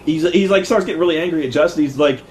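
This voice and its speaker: A man's voice: a little high, very fast, slight background noise. A man casually telling a rambling, profane story and acting out what others said. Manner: animated, profane, acts out quotes.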